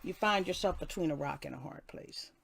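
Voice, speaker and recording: A woman's voice: low-pitched, fairly quick, gravelly, a bit bright. An older woman hosting a casual live stream, reading a passage and then greeting viewers by name with many restarts. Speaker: livestream host.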